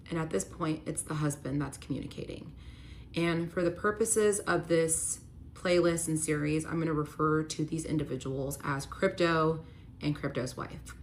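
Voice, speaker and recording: Woman, low pitch, young adult, emotional storytime, candid, filler-heavy, faint background hum. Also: fairly bright tone. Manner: candid, talks with many likes and ums.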